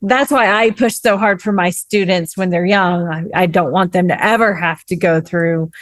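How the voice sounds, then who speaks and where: An American woman co-hosting a podcast, talking in an earnest, warm-hearted way. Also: lowish voice, moderate pace, dry recording. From United States. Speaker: podcast co-host and teacher. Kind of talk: casual interview chat.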